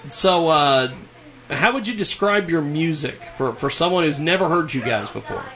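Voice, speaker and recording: A man hosting a podcast, upbeat and quick to laugh. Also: a little high, lively intonation, a bit bright. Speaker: podcast host. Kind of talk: casual podcast chat.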